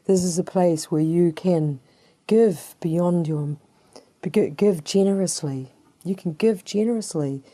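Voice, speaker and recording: A woman delivering a sermon in an unhurried, deliberate way. Her voice sits low and mellow, and she circles back on her phrases with rhetorical questions she answers herself. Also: no room sound. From New Zealand. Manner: repetitive, rhetorical call-and-response questions. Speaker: preacher.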